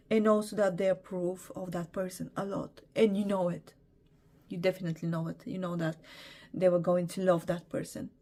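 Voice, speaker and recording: A woman's voice: on the low side, warm tone. Hesitant, apologetic woman tarot reader. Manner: hesitant, apologetic, many fillers. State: emotional, teary. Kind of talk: casual tarot reading.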